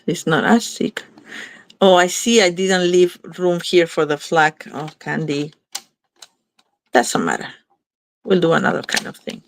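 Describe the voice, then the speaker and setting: A woman's voice: fairly low pitch, unhurried, creaky, long pauses. A woman hosting a card-making video, chatting casually and thinking aloud as she works, often stopping to correct herself. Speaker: craft video host. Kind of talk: casual crafting demo chat.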